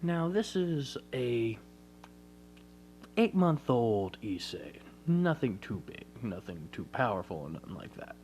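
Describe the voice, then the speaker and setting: A man narrates an improvised fan story at a slow, easy pace. His delivery rambles and keeps correcting itself. A faint hum runs under the recording. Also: mid-range voice, big pitch swings, darkish tone. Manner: rambling, self-correcting, conversational.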